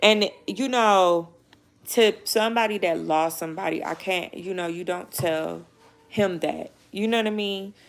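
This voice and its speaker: Gravelly-voiced young woman, tearful vlog. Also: fairly low pitch, unhurried. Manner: emotional, rambling, frequent "you know what I mean", swears. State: near tears. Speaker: vlogger. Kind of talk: casual personal storytelling to camera.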